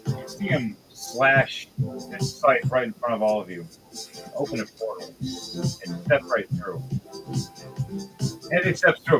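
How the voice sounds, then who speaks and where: A man narrating a tabletop game as game master, telling the story unhurriedly with filler pauses. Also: mid-range voice, poor audio. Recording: loud background music.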